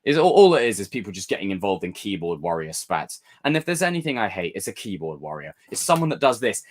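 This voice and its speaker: A man's voice: mid-range voice, quick pace. Theatrical man hosting a livestream. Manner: theatrical, animated rants. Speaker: livestream host. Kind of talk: casual live chat with viewers.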